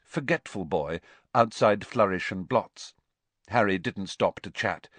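Casting: male audiobook narrator, expressive, bone-dry studio read. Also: on the low side, no echo. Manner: expressive storytelling. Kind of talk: scripted narration.

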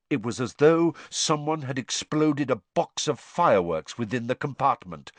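A man narrating an audiobook in an expressive way, shifting voices for the characters. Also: medium pitch, no room sound.

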